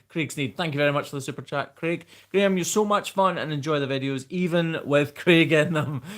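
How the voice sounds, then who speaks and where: A man's voice: mid-range voice, a bit bright. A man with a mild Scottish accent hosting a live question-and-answer stream, reading viewer questions and answering them off the cuff in a chatty way. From Scotland. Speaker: host.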